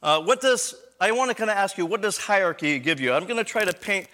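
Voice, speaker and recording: High, bright-voiced man giving a talk. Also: lively intonation, quick pace. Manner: conversational lecturing with rhetorical questions and frequent self-corrections. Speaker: conference speaker on church leadership. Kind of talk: live conference talk.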